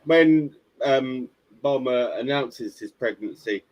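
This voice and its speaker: A man's voice: medium pitch, takes it slowly, a little mellow, rough recording. A man co-hosting a casual podcast chat, chatty and a bit hesitant. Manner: chatty, hesitant with fillers, laughs at jokes. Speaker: podcast co-host.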